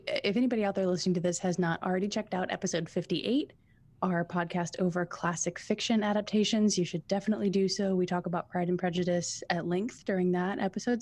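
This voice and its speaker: A woman's voice: lowish voice, darkish tone. A woman co-hosting a podcast, chatting casually and enthusiastically as she thinks aloud. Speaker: podcast co-host. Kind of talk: casual chat.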